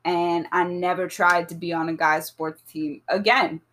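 A woman in casual conversation with a friend, blunt and full of profanity. She talks in an animated way and laughs easily. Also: lowish voice, unhurried, a little hiss or hum. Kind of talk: casual chat.

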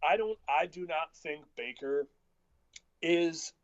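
A man co-hosting a casual sports podcast, arguing football picks bluntly and in rapid bursts. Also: a little high, no room sound. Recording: dull lo-fi sound.

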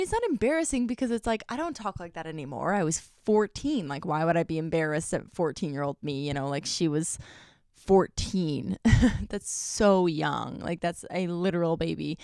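A woman's voice: medium pitch, a little mellow, dry recording, studio quality. A young woman talking to camera in a casual vlog, chatty and self-deprecating, filling her sentences with "like.". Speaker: YouTuber.

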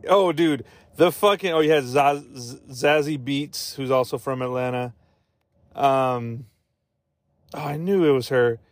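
A man's voice: mid-range voice, a little slow, no echo. A man hosting a podcast who chats casually about movies, rambling and swearing with lots of fillers. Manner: rambling, profane, full of fillers and asides. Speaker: podcast host. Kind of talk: casual movie-review chat.

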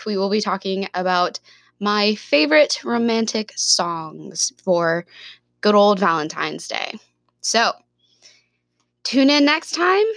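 A woman's voice: a little high, a bit bright, no echo, studio quality. Upbeat chatty woman podcast host. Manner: chatty and upbeat, laughs between remarks; uses casual fillers like "like" and "super". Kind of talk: casual spoken movie ranking.

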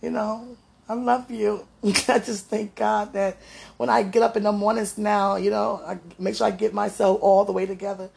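Woman spiritual vlogger, gravelly and a bit hoarse, fervent, affectionate, self-recorded at home. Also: mid-range voice, level tone, moderate pace, darkish tone, a little hiss or hum. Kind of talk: spontaneous prayer and encouragement talk.

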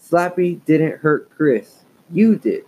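A man's voice: a little high, animated, slow pace, a little mellow, breathy edge, pitched above the performer's own voice, exaggerated voice, poor audio. A man voicing a stern, tired father who scolds his quarreling daughters. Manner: firm, scolding.

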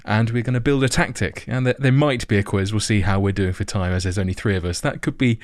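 Man, low voice, dry sound, podcast host, jokey, trips over words. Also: fast talker, dry recording. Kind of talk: casual chat.

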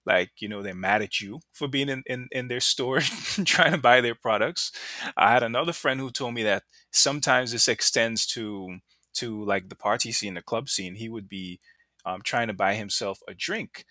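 A man co-hosting a casual chat, telling anecdotes in an animated way and laughing now and then. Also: medium pitch, normal speed, dry recording, studio quality. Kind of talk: casual conversational storytelling.

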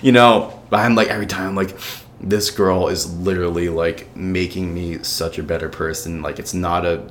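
A man in his twenties from New York, a podcast guest telling a story in casual chat, animated and cursing freely between lots of fillers. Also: sits low, normal speed. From New York, USA. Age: 20s.

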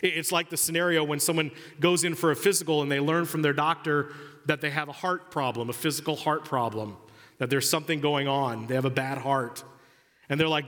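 A man's voice: a little high, fairly quick, fairly bright tone. A man preaching a sermon, acting out little dialogues in comic voices. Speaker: pastor. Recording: long hall reverb.

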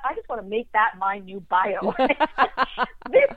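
A woman's voice: on the high side, moderate pace, dry recording. A woman telling stories in casual conversation, laughing often and acting out quotes. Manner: animated storyteller, laughs often, acts out quotes. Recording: tinny phone line.

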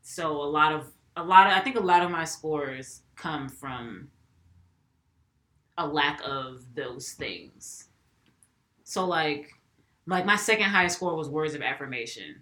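Blunt, laughing young woman, bright voice. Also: low voice, expressive, unhurried, roomy sound. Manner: blunt, profane, laughs often. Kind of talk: casual chat.

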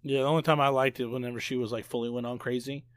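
A man's voice: mid-range voice, fairly even intonation, very fast, no echo, clean studio sound. A young man co-hosting a casual movie review chat, joking and agreeable, swearing now and then. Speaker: podcast co-host.

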